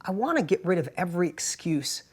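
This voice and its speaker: A man speaks in a casual motivational talk, telling stories in simple everyday language. His delivery is animated and emphatic, climbing into excited bursts and then dropping to quiet, confiding asides, with a habit of checking in with "right?". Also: high-pitched, fairly quick, husky. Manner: plain everyday wording, frequent "right?" tags. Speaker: motivational speaker and entrepreneur host.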